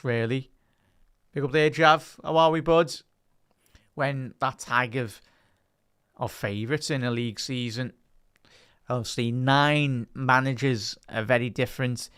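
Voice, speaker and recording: A man's voice: medium pitch, fairly bright tone, smooth, no room sound, studio quality. Chatty Liverpool man calling the match live. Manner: chatty, reads live chat aloud and lifts into play-by-play calls. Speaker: watch-along commentator. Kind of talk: live match-day watch-along commentary.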